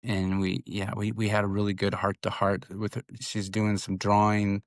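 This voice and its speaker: A man's voice: fairly low pitch, completely flat delivery, moderate pace, dry recording, studio quality. A man in his thirties co-hosting a podcast, rambling through a story with many restarts. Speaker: podcast co-host. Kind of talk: casual chat.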